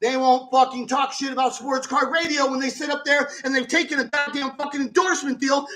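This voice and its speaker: A man with a high voice tears into his critics in a profanity-laced rant. He swings between low grumbling and bursts of shouting, hosting his own sports card channel. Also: level tone, fairly quick, few pauses, low-quality recording. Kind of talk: profane ranting commentary.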